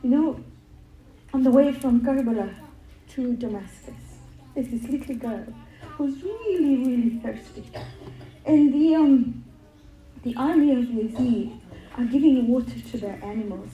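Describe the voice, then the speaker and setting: A woman's voice: high-pitched, measured pace, pauses often, roomy sound, phone-quality sound. A middle-aged woman giving an earnest religious talk, telling stories and repeating words for emphasis. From England. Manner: earnest storytelling with emphatic repetition. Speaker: religious speaker.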